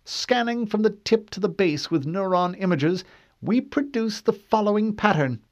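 A man's voice: high voice, expressive, moderate pace, voice pushed up. A man voicing a stern female officer who questions a soldier in a clipped, precise way. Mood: probing. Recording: dull dry studio read.

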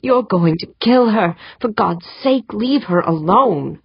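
A woman's voice: mid-range voice, expressive, takes it slowly, vocal fry, husky, no echo, pitched above the performer's own voice, exaggerated voice. A woman voicing a miserable captive who pleads and begs. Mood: pleading. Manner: pleading, begging. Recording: dry, slightly dull lo-fi sound.

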